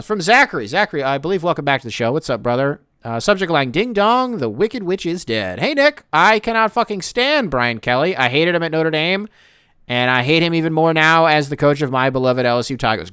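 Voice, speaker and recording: A man hosting a sports podcast, talking in a profane, sarcastic, animated casual rant. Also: a little high, clean tone, no echo, clean studio sound. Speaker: podcast host.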